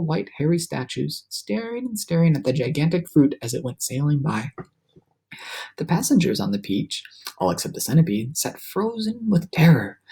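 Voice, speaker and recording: A man reading a children's novel aloud with lively, animated storytelling. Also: on the high side, slightly rough. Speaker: reader.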